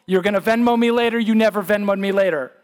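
A pastor preaches with conversational emphasis, often stumbling and restarting his words as he presses a point home. His man's voice sits notably high, swinging between quick asides and slow, weighty lines. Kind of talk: sermon.

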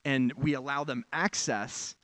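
A man's voice: mid-range voice, steady tone, measured pace, fairly bright tone, no echo. A pastor giving a sermon in a candid, conversational way, with frank asides to his congregation.

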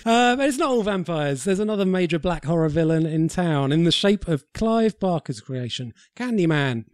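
A man's voice: fairly high pitch, lively intonation, moderate pace, a little mellow, no room sound. Dry-humoured man hosting a film podcast. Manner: dry, sweary banter. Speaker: podcast host. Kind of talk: casual film discussion.

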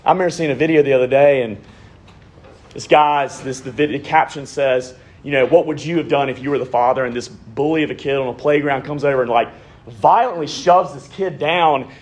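A man in his thirties, a pastor preaching a sermon, swinging from raised emphasis down to hushed, near-whispered lines. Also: medium pitch, brisk.

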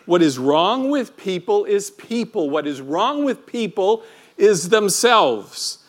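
A man preaching a sermon in an animated, conversational way, full of rhetorical questions. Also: sits high. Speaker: pastor.

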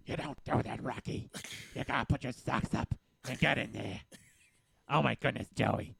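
A gruff, crusty old boxing trainer, barking advice in a deeply gravelly, husky voice. He drawls slowly, and his pitch swings wide. The sound is close and dry. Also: a bit bright, dry recording, heavily acted. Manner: coaching, drawn-out movie-impression delivery. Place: podcast studio.

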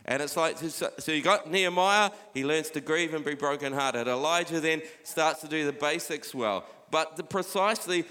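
A middle-aged male pastor delivering a sermon in a church hall, pressing his listeners with repeated urgings and softening when he reads scripture. His voice sits a touch high for a man, and a long reverb trails behind every phrase. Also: lively intonation, a little fast, few pauses. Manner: urging, repeats "come on", drops to quiet when reading scripture.

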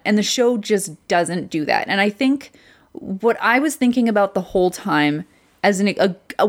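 A woman co-hosting a podcast in casual chat, blunt and ranting with lots of swearing. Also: mid-range voice. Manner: blunt and profane, rants with frequent swearing. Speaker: podcast co-host.

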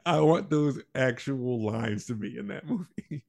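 A man's voice: mid-range voice, lively intonation, a little slow, gravelly, a little mellow. A man hosting a gaming podcast in casual chat, laid-back and laughing often. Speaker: podcast host.

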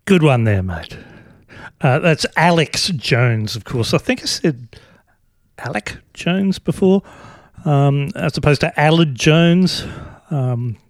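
A man's voice: a little high, vocal fry, dry recording, studio quality. A man hosting a podcast, giving sardonic, rambling commentary full of fillers. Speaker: podcast host. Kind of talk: casual commentary.

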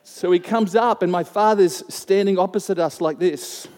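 A pastor with a high-sitting, slightly mellow voice speaks at a moderate pace during a sermon. He tells a personal story conversationally, acting out the people's voices, while the church hall adds a long reverb.

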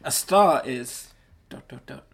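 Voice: mid-range voice, expressive, slow, vocal fry, slightly rough. A podcast co-host in casual comedy chat, dry and curious, setting up the jokes.

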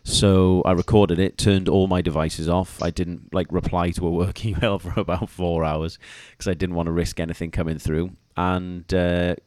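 A man co-hosting a podcast, telling a story with animated energy and laughing as he goes. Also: sits low, normal speed, few pauses, no room sound. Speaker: podcast co-host. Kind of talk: casual podcast chat.

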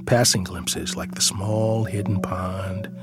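A man's voice: low voice, takes it slowly. A father telling a scripted personal story in a reflective, tender way, sometimes dropping to a whisper, over background music.

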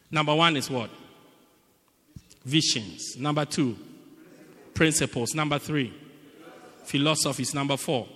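Husky, bright-voiced preacher man in a hall. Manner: emphatic and repetitive, swinging between loud cries and low murmurs. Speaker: pastor. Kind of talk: sermon.

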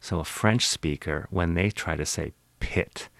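A very deep-voiced man with a Western Pennsylvania accent speaks close to a studio microphone in a dry, dead room. He answers interview questions like a professor, measured and explanatory, pausing to demonstrate sounds. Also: creaky, fairly bright tone, no room sound. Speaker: linguistics professor, interview guest.

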